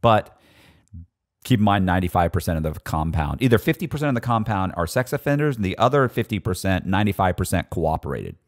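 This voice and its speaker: Middle-aged man, lively pitch, low voice, profane raconteur who laughs through his stories. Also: fast. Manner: animated, profane, laughs often, acts out quotes. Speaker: guest storyteller. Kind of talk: casual storytelling chat.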